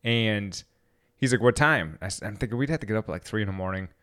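In a clean, fairly low voice, this male podcast co-host rattles off a story during casual chat. He's lively about it, performing each quote as he goes.

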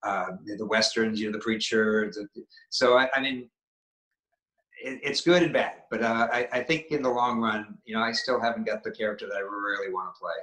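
A man's voice: on the low side, steady tone, fairly quick, sharp tone. A man from Maine, an actor being interviewed, talking casually and rambling with many restarts and fillers. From Maine, New England. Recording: echoey room.

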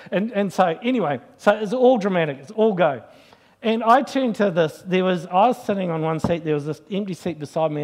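A middle-aged man preaches in a loose, conversational way. His voice sits high for a man. He keeps slipping into anecdotes and acting out what people said. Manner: chatty, anecdotal storyteller acting out quoted voices. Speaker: Christian speaker. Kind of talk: conversational sermon with personal stories.

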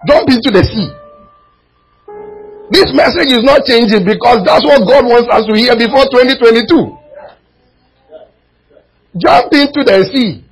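A man preaching a sermon as pastor, swinging from near-shouts to quiet, low asides. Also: measured pace, long pauses, soft background music, low-quality recording. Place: church.

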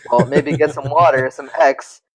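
A man's voice: medium pitch, fairly even intonation, normal speed. A young man co-hosting a podcast, chatting casually, joking and swearing. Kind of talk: casual chat.

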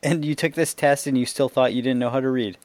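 A man's voice: medium pitch, fairly even intonation, quick pace, a little mellow, no echo. A man interviewing a guest in casual conversation, prompting with questions and laughing along.

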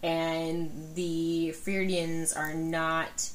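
A woman co-hosting a casual book podcast, animated and swearing, with quick agreeing murmurs. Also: low-pitched, a little hiss or hum. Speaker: podcast co-host.

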